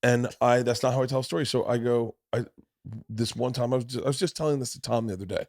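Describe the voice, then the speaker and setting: A middle-aged man hosting a podcast, telling a long story in a casual, profane way and swinging from loud to hushed. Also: medium pitch, fast talker, creaky, no echo, studio quality. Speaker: podcast host.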